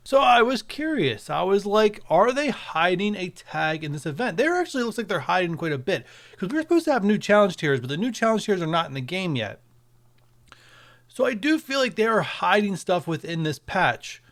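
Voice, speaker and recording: A man's voice: high voice, very animated, a little fast, a bit bright. A man talking casually to his viewers as a mobile game video creator, chatty and speculative, walking through game updates over screen capture.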